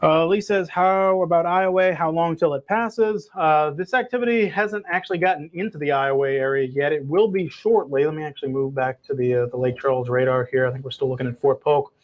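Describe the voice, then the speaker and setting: A slightly hoarse man, a meteorologist, giving a relaxed, conversational live weather briefing and answering viewer reports. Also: a little high, brisk, few pauses, muffled recording. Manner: relaxed, conversational, plenty of filler words. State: hoarse, losing his voice.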